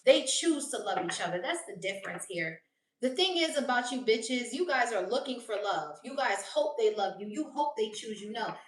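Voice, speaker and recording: A woman's voice: a little high, fairly bright tone. A woman giving a casual tarot reading, blunt and profane, often laughing as she talks. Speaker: tarot reader. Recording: roomy echo, voice distant from mic.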